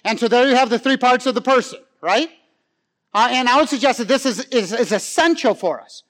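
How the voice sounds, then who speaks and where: A middle-aged man delivers a sermon in a high, light voice. He talks loosely, with plenty of fillers and questions thrown to the congregation. He rises to loud, lively stretches and drops to near-hushed emphasis. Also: a little fast. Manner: conversational, with frequent fillers and audience questions. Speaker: pastor.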